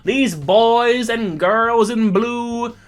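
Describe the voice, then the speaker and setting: A game master voicing a pompous, mock-polite Southern gentleman crime boss with a put-on drawl in a tabletop game. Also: medium pitch, extremely slow, pitched above the performer's own voice. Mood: veiled threat. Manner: florid, genteel, mock-polite. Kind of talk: tabletop game role-play.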